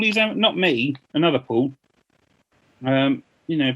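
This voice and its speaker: A man's voice: a little high, lively intonation, measured pace, highs cut off. A man co-hosting a podcast, chatting in a jokey, rambling way. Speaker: podcast co-host. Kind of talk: casual chat.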